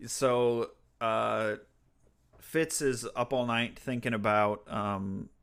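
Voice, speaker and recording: A man's voice: mid-range voice, fairly even intonation, slow, creaky, a bit bright, smooth. A man co-hosting a podcast, retelling a book chapter in casual chat with fillers and frequent laughs. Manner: laid-back storytelling, frequent laughs and fillers. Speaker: podcast co-host.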